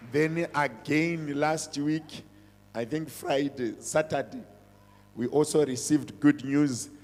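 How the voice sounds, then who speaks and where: A middle-aged man, a pastor giving a sermon and church announcements. He is emphatic and repeats his points, switching between languages. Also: mid-range voice. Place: church hall. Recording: reverberant church hall.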